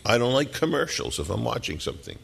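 A middle-aged man preaching a sermon, telling the story dramatically and dropping at times to hushed whispers. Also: mid-range voice, sing-song, fast talker, creaky, slightly rough, in a large hall.

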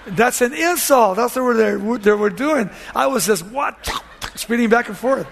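A man preaching as a pastor, retelling scripture with animated storytelling and acting out the scenes, and closing in a quiet prayer. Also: very high-pitched, normal speed, gravelly. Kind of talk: sermon.

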